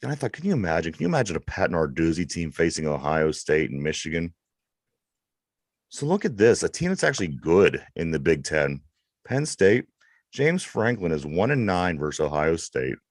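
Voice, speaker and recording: A man's voice: sits low, big pitch swings, normal speed, no room sound, clean studio sound. A man with a Pittsburgh accent co-hosting a sports podcast, bringing up topics and reading out stats with hesitant restarts. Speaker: podcast co-host. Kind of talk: casual sports banter.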